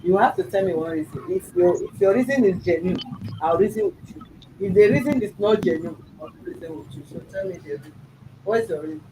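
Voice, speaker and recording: Male mediator, high voice, firm and probing, traffic noise behind. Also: expressive, brisk. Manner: firm, probing, repeats questions. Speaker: mediator host. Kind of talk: questioning a child in a family dispute.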